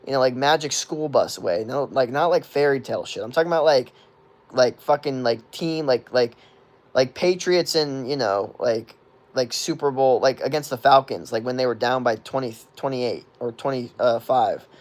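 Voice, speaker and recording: A streamer in his twenties answers chat questions on a livestream in a medium-pitched voice at a moderate pace. He rambles, swears freely, and leans heavily on "like" and "you know."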